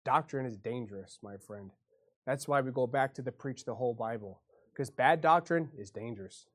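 A man preaching a sermon, swinging from quiet folksy asides to loud impassioned passages and acting out quoted voices. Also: mid-range voice, moderate pace. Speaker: pastor.

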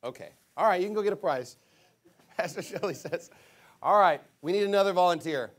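A high-voiced man preaches as a pastor. He is lively and playful, leading children in a game and calling out to the crowd between scripture readings. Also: a little fast.

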